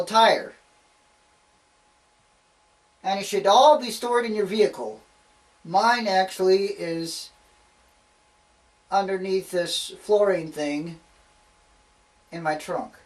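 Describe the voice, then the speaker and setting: A young man with a fairly high voice gives a classroom demonstration speech, calling his listeners folks and joking at his own expense. He is recorded from across the room, so he sounds distant. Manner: folksy, addresses listeners as folks, self-deprecating asides. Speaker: student giving a demonstration speech.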